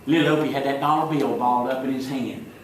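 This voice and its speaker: A man's voice: medium pitch, steady tone, quick pace, a little hiss or hum, lightly acted. A man doing a rambling Southern small-town deputy. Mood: folksy. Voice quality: rambling, fumbling for words. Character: folksy small-town Southern deputy, male, excitable and boastful. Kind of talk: live stage comedy monologue. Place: stage before an audience. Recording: echoey hall, from far off.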